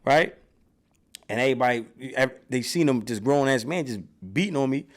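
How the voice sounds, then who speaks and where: A man guest in an interview, telling profane, animated stories from his childhood and getting loud when reenacting scenes. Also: mid-range voice, a little fast. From New York. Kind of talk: casual storytelling in an interview.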